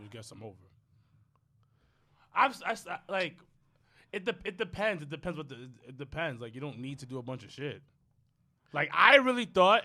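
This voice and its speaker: A man's voice: medium pitch, sharp tone. A man in casual podcast chat, emphatic, stumbling over restarts as he makes his point.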